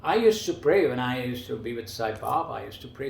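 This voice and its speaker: A man with a gravelly, creaky edge tells his stories casually and with animation, leaping up in pitch whenever he acts out what others said. His voice sits at a middle pitch and rings in a roomy, echoing space. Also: a little fast, few pauses, slight background noise. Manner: animated, jumps much higher in pitch for quoted dialogue. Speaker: guest storyteller. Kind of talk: casual spoken storytelling. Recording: roomy echo.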